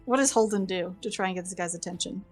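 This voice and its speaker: A chatty woman runs the tabletop game, describing the scene with lots of fillers. Her voice sits at a middling pitch. Faint music plays in the background. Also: fast, a little mellow, slightly rough. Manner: chatty, giggly, many fillers. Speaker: game master.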